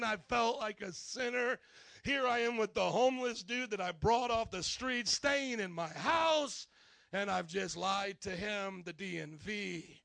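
A middle-aged pastor preaching with a high, gravelly voice and a bright, forceful edge. He tells his story animatedly, acting out each person and calling on the congregation to respond. The sound is close and dry. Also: dry recording. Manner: animated, acts out characters, calls to congregation. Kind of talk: sermon storytelling.

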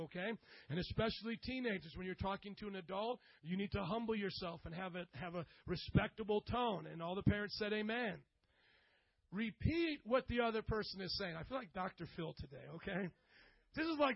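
A middle-aged man preaching a sermon to a congregation, animated and joking, rising now and then to loud bursts. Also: high voice, creaky, dry recording, dull audio. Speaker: pastor.

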